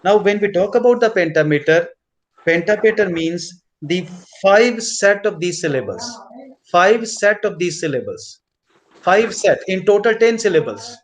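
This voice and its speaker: A man teaching a literature class, repeating key points slowly as if dictating notes. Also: high-pitched, lively intonation, a little hiss or hum. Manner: mixes in Hindi instructions. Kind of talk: classroom lecture.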